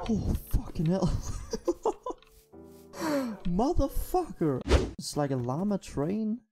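A young man giving excitable gameplay commentary, swearing constantly and often bursting into laughter. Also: high voice, normal speed, music in the background. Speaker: gaming YouTuber.

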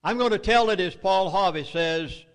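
A man's voice: high-pitched, normal speed, clean tone, in a large hall. Emphatic Southern man speaking at a meeting. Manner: emphatic, urgent warnings. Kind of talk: public speech.

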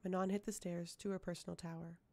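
A woman reading a fantasy audiobook aloud with a low, dark voice and plenty of gravelly fry. Her narration is measured and even. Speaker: audiobook reader.

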